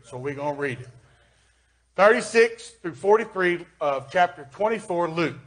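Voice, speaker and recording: A man with a Southern US accent preaches in a folksy way, his voice sitting high. He reads scripture and comments plainly, jumping from loud stressed lines to hushed asides. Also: fairly quick. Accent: Kentucky Southern US. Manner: folksy, swings from loud emphasis to quiet asides. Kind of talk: sermon with scripture reading. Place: church.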